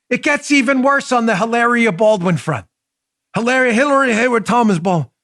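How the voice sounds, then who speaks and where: A man hosting a political talk show, delivering animated, mocking commentary with big swings in his voice. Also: sits high, no echo, studio quality. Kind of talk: opinionated commentary.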